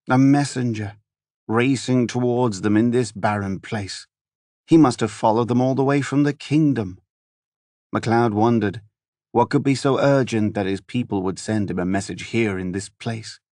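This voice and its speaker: A man with a lowish voice narrates a fantasy audiobook. He keeps an even, measured storytelling pace and drops softer on quiet lines. The sound is close and dry. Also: no echo. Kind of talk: scripted narration.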